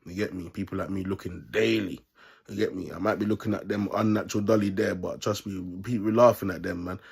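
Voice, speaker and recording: Husky low-voiced man preaching casually. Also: fairly even intonation, fast talker. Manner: repeats "you get me" as a constant tag; laughs between points. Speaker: self-styled preacher vlogger. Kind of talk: casual preachy monologue to camera.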